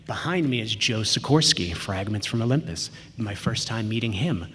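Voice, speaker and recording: Man, mid-range voice, slightly husky; chatty conference speaker telling a story, echo of a big hall. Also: fairly low pitch, animated, moderate pace, a bit bright. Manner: chatty, personal, with frequent ums and quoted asides. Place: large auditorium. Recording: long reverb of a large hall.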